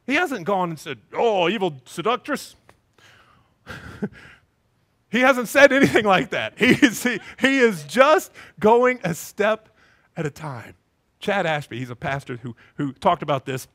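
A male pastor giving a sermon in a church, animated as he acts out scenes with voices and sound effects. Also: sits high, a little slow. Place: church sanctuary with a congregation.

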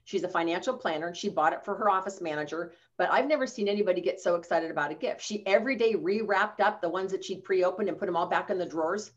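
A woman's voice: on the low side, fast, few pauses, highs cut off. A woman sales trainer giving a chatty coaching talk over a video call, telling stories with quoted dialogue.

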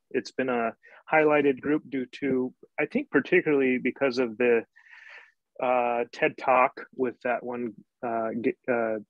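A man from Spokane hosts a casual talk with a mid-pitched voice. He rambles and repeats his words as he finds his way. The sound is dry and close. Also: no room sound, lo-fi sound. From Spokane, Washington, USA. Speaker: host. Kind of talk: casual discussion. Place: Scotland.

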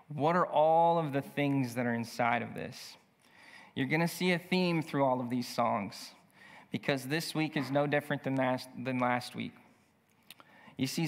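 A male pastor preaching a sermon, reading scripture slowly and speaking in an earnest, emphatic way. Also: medium pitch. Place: church sanctuary. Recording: long church hall reverb.

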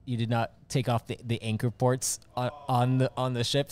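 A man's voice: mid-range voice, flat delivery, moderate pace, hardly any pauses, darkish tone, clear, resonant tone. Laughing young game master man. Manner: laughs often while narrating. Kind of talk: narrating a tabletop role-play game.

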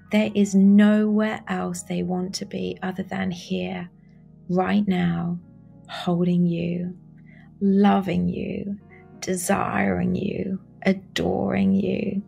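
A woman leads a guided meditation at a very slow, unhurried pace. Her voice is breathy with a gravelly edge of vocal fry, and soft instrumental music plays faintly behind her. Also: mid-range voice. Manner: slow, soft and soothing, repeating phrases.

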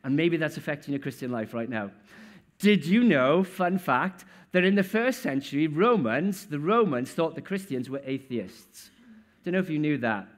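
A male preacher gives a sermon in a church in an easy, conversational manner. He keeps asking his listeners questions, and his voice sits somewhat higher than most men's. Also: expressive, normal speed.

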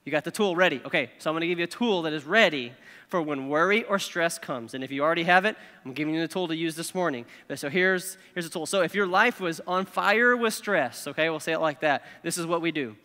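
A man's voice: a little high, fast, sharp tone, big-room sound. A male pastor preaching a sermon in a conversational way, checking in with "okay?" and "right?" as he goes.

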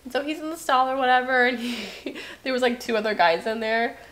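Woman, casual podcast co-host, quick laughing anecdotes, bright tone, fairly high pitch. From Florida. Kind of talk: casual chat.

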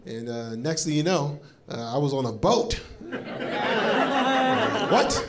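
A man's voice: medium pitch, slow, long pauses. A male stand-up comedian from Florida telling a story on stage, acting out what people said, with laughing asides. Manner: animated storytelling with acted-out quotes and laughing asides. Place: comedy club stage before a live audience. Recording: live club recording with crowd laughter. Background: audience laughter.

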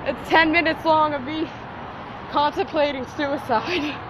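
A woman's voice: sits high, steady tone, a little slow. A teenage girl vlogging outdoors on a city street from a handheld device, rambling, self-mocking and swearing constantly. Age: teen. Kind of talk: casual rambling vlog. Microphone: handheld phone or tablet. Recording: loud street traffic noise. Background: street traffic.

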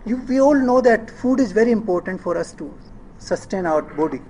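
A man's voice: high-pitched, animated, brisk, darkish tone, a little hiss or hum, poor audio. A middle-aged man with an Indian English accent giving a public lecture, often asking the audience questions and checking in with "eh?". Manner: rhetorical questions, asks audience "eh?".

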